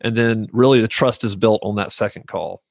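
A man's voice: fairly low pitch, fairly even intonation, moderate pace, creaky, no echo. A man hosting a business podcast interview, affirming his guest and asking long questions. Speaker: podcast host. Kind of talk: conversational interview.

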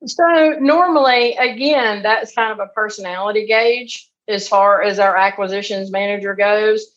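A woman's voice: mid-range voice, moderate pace, lo-fi sound. Chatty woman explaining her process. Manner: chatty, animated, acts out phone calls. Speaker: real estate investor guest. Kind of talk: conversational interview.

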